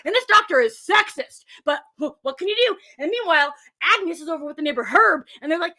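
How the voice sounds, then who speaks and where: A woman's voice: high-pitched, fast, few pauses, sharp tone. A woman podcast host giving a playful, exaggerated recap of a show, slipping into silly character voices.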